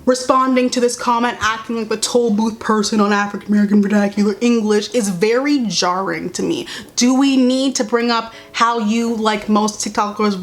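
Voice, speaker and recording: A young woman vlogging casual commentary while doing her makeup, blunt, sarcastic and exasperated. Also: medium pitch.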